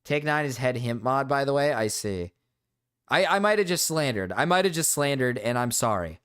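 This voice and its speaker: A male streamer talking off the cuff in a casual, rambling style, with plenty of fillers and blunt profanity. His pitch sits in the middle of the range but swings around a lot as he talks. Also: expressive, moderate pace, fairly bright tone, clean tone. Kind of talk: casual livestream chat.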